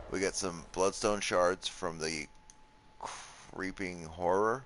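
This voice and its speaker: Low voiced guy playing a game, chill, thinks out loud, swears a bit. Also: slow, background noise. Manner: relaxed, thinks aloud, swears at enemies. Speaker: gameplay commentator. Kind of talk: casual let's play commentary.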